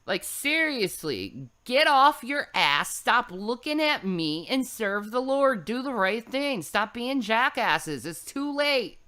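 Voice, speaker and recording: A woman's voice: a little high, big pitch swings, takes it slowly, few pauses, sharp tone. A woman delivering a scolding religious rant, preachy and full of profanity. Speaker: religious online streamer. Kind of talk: ranting preachy monologue.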